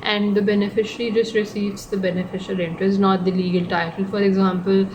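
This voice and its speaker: A woman tutoring law in a relaxed, rambling way, fixing her own slips and tossing in little jokes. Her pitch sits in an ordinary middle range. A clear hum of background noise runs under the recording. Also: brisk. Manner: chatty, digressive, self-correcting, joking asides. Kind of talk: casual online lecture.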